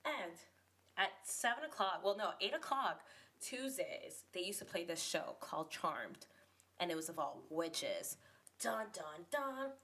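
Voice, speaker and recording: Chatty low-voiced young woman host. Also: moderate pace, bright, forceful tone. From New York City. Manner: chatty, rambling, playful. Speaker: podcast host. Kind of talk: casual podcast monologue.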